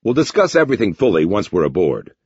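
A man voicing a brisk male army major giving firm, clipped instructions in a dull lo-fi recording. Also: deep voice, sing-song, a little mellow, slightly rough, no echo, pitched above the performer's own voice, heavily acted. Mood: urgent.

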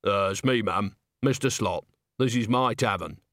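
A man's voice: fairly low pitch, moderate pace, fairly bright tone, no room sound. Guy doing a nervous innkeeper, umming and hesitant, dry sound. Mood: worried. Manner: hesitant, with ums. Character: worried hesitant tavern keeper man.

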